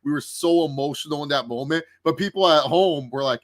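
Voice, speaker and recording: A man chatting casually as a guest on a wrestling review show, rambling and excitable, often repeating words. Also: on the high side, a little fast, no room sound, clean studio sound. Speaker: guest commentator. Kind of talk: casual chat.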